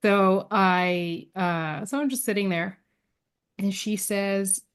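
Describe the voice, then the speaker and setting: This is a woman guest chatting through a personal story at an everyday mid pitch. She jumps into the quoted voices of the people she talks about and leans on fillers and quick restarts as she goes. Her voice sits in the middle of a woman's range. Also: clean tone. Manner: lively storyteller who acts out quoted dialogue; frequent fillers and restarts, laughs between lines. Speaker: podcast guest. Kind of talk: casual interview storytelling.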